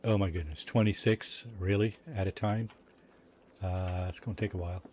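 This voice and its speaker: A man's voice: deep voice, fairly even intonation, moderate pace, slight background noise. A man chatting casually while livestreaming a game, reading chat aloud and joking with his viewers. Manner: chatty, reads chat aloud, jokey asides. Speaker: streamer.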